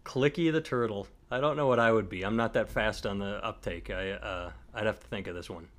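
Rambling Midwestern man, casual podcast banter. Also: lowish voice. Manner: rambling, filler-heavy, quick to laugh. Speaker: podcast co-host.

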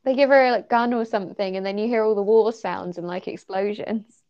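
A woman's voice: medium pitch, steady tone, brisk. A young woman co-hosting a podcast, chatting casually about a story she enjoyed, giggling often and leaning on fillers. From United Kingdom. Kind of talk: casual chat reviewing a story. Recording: slightly muffled lo-fi recording.

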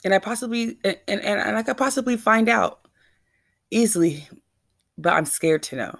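A woman's voice: mid-range voice, animated, normal speed, creaky, no echo, clean studio sound. A woman vlogger telling a rambling, anxious, self-questioning story straight to her viewers. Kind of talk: casual confessional storytelling.

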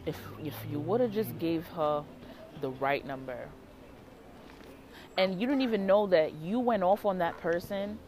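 A woman tarot reader telling a story in a casual vlog, animated, dramatic and full of swearing. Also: fairly low pitch, a little slow, pauses often, slight background noise.

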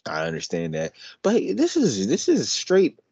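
A man co-hosting a podcast in casual banter, arguing his point in an animated way and repeating himself. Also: on the low side, measured pace, breathy edge, no echo. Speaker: podcast co-host. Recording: dull lo-fi podcast audio.

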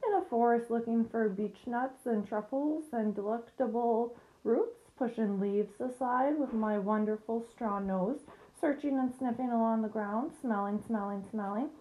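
A woman's voice: a little high, a little slow, warm tone, natural voice, poor audio. Woman doing Wilbur the eager young pig. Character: young male pig, eager, innocent, easily hurt. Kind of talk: storybook reading.

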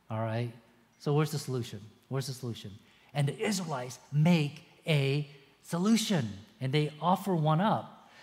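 A man preaching a sermon, telling a story in a lively way and asking his listeners rhetorical questions. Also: on the high side, in a large hall.

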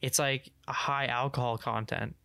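Rambling young man, smooth clear voice. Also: mid-range voice, steady tone, moderate pace, sharp tone, dry recording. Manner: rambling, lots of "like" and restarts, enthusiastic about cars. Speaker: podcast co-host. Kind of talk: casual chat.

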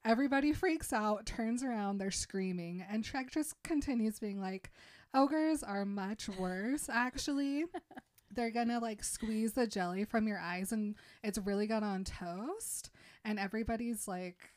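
Brief: young woman co-host, mid-pitched, loose storyteller who leans on "like" and giggles. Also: normal speed. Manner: relaxed storytelling with many "like" fillers, giggles. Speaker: podcast co-host. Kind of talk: casual chat retelling a story.

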